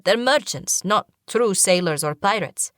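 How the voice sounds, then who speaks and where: Woman reads a courteous young male traveler in a storybook, gentle, a bit lifted, dry close sound. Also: mid-range voice, expressive, unhurried, no echo. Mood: polite. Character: calm, helpful young man, a flute player.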